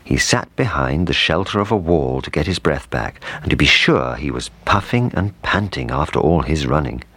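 A man reading a children's storybook aloud, in an animated, expressive way. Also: very deep voice, normal speed, husky, no echo. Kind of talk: storybook narration.

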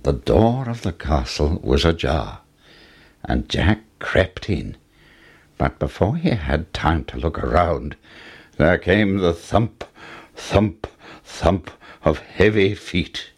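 A man reading a fairy tale aloud as a storyteller, with expressive rises and falls. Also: slow, long pauses, slightly rough. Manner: expressive, with wide swings in pitch.

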